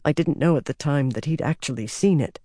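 A man voicing a stern, burdened young male king who speaks in a quiet, measured, grim way. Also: a little high, no echo, clean studio sound, lightly acted. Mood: soft, weary.

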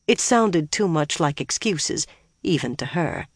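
A steady audiobook narrator reads a fantasy novel, delivering it evenly and without hurry. The voice is mid-pitch, neither high nor low, recorded in a dead, dry booth with no room echo.

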